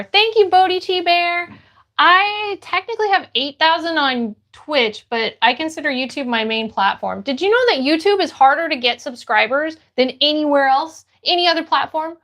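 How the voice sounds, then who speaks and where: High-voiced woman streamer reading chat. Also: a bit bright. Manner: upbeat, greets viewers by name. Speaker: livestreamer.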